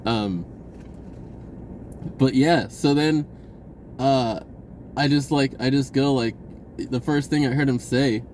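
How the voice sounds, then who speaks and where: A man recounts a personal experience in a loose, rambling way, breaking into laughter and acting out voices as he goes. His voice sits at an ordinary middle pitch. A faint hum of background noise runs underneath. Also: takes it slowly, pauses often. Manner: rambling, animated, laughs often; acts out voices in his retelling. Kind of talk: casual storytelling to camera.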